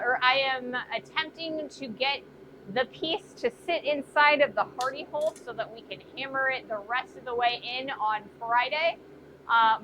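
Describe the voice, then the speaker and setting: Bright-voiced woman streaming from her forge. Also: high-pitched. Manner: muses aloud and reads viewer comments. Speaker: blacksmith streamer. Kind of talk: casual live-stream chat while forging. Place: blacksmith workshop. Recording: dull lo-fi stream audio with faint noise.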